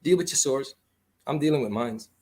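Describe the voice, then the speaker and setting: A man's voice: mid-range voice, moderate pace, dark tone. A man from Grenada, speaking as a guest on a radio talk show in an impassioned, argumentative way.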